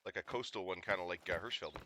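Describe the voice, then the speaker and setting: A man's voice: low voice, fast, background noise. A young man from Canada streaming a game, chatting casually and rambling, laughing often and cracking jokes. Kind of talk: casual live-stream chat.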